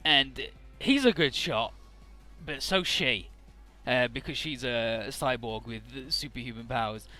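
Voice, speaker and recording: Male let's player, bright tone, loose and swearing, faint music behind. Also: mid-range voice, measured pace. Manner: casual, profane, paraphrasing dialogue loosely. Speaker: let's play narrator. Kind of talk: casual game commentary.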